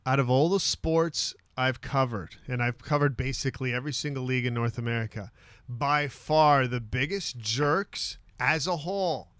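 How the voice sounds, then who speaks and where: An opinionated man co-hosts a sports talk show, his voice at an ordinary pitch as he speaks firmly and emphatically. The studio sound is dry and close. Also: moderate pace, fairly bright tone, dry recording.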